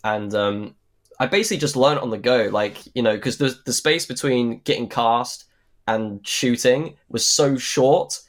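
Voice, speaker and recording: A young man talks casually in an interview, circling his points with "like" and "um" and restarting sentences. His voice sits at a middle pitch for a man. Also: a little slow. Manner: rambling, many fillers and restarts. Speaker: actor guest.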